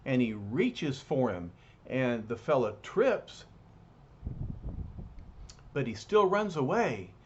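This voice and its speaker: Slow, animated comic reader, man. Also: medium pitch, husky, muffled recording. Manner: animated, pointing out pictures. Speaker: storyteller. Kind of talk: reading a comic aloud.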